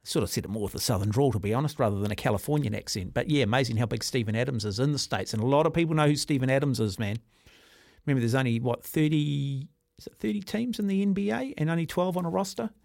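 Kiwi bloke hosting sports radio, rambly chatty stories, mid voice, dry studio sound. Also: male voice, medium pitch, fast, vocal fry, no room sound. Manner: rambling, animated storyteller. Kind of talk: casual radio chat.

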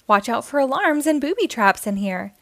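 A jumpy cartoon boy spy , played by a woman reader who is quick to panic, his voice swinging up and down. He talks high and animated over a dry, close sound. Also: vocal fry, no room sound, exaggerated voice. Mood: excitable. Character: excitable young male cartoon spy leader. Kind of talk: children's read-aloud.

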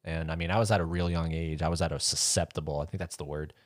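A man's voice: a bass voice, fairly even intonation, fast, dry recording, clean studio sound. A man in casual chat, rambling as he retells a scene and acts out voices. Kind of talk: casual chat about horror movies.

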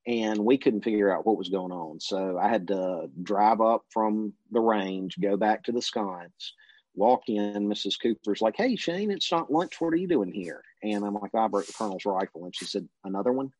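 A man telling a long casual story as an interview guest, in a relaxed anecdotal way, briefly mimicking the people he quotes. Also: lowish voice, moderate pace. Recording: dull lo-fi recording.

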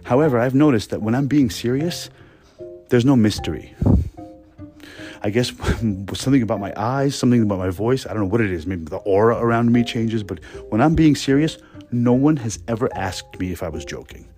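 A man in his thirties, a podcast host, telling a work story in a casual, animated, profane and sarcastic way, recorded indoors at home. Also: medium pitch, fairly quick, soft background music. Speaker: podcast host, restaurant manager.

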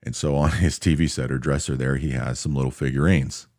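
A man with an extremely deep, low voice tells a story in a relaxed, matter-of-fact way. He sounds close and dry, with no room echo, and briefly acts out the people he quotes. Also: a little fast. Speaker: storyteller recounting army anecdotes. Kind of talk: casual spoken storytelling.

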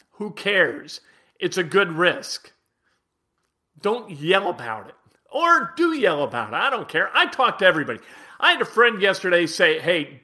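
Blunt, bright-voiced sports talk man. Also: high voice. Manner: blunt, emphatic, talks straight to listeners. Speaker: sports radio host.

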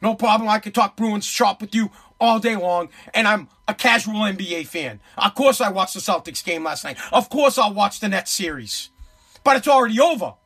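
A man's voice: high-pitched, lively intonation, moderate pace, fairly bright tone, slightly rough. A man, ranting as a sports radio host in profane, emphatic, repetitive bursts. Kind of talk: heated sports commentary rant.

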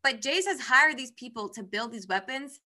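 A woman's voice: sits high, expressive, moderate pace, pushed and bright. A young woman in casual chat, animatedly retelling a book's plot and acting out the characters' lines. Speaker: book podcast co-host.

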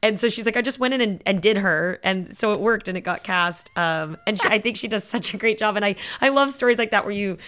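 A woman's voice: mid-range voice, fast, few pauses, a bit bright. A woman co-hosting a podcast, chatting casually and retelling stories with quoted lines and frequent laughter. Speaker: podcast co-host. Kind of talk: casual chat.

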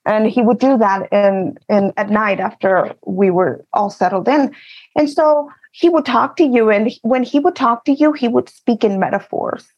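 A woman from Texas, an author, telling a personal story in an animated, laughing way. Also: a little high, normal speed, highs cut off. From Eagle Pass, Texas. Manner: animated, laughs often while telling stories. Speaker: author and guest. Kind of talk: casual storytelling.

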